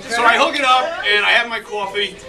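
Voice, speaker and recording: A middle-aged man spins a comic story at a reunion party, laughing through it and bursting out loudly at the funny bits. His voice sits very high, and it is picked up from a distance by a camera. A loud crowd talks all around him. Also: a little fast. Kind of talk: animated anecdote told to a crowd.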